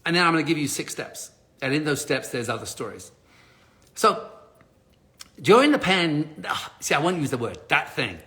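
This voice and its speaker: A man's voice: on the high side, big pitch swings, moderate pace, long pauses, sharp tone. A middle-aged man hosting a live stream, telling a personal story to his viewers and acting out the dialogue. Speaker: live stream host, speaker on change.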